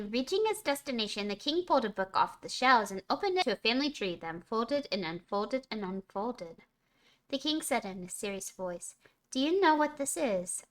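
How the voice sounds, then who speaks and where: Woman storyteller, bright and animated, high-pitched, reading a children's bedtime book on stream. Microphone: streaming mic.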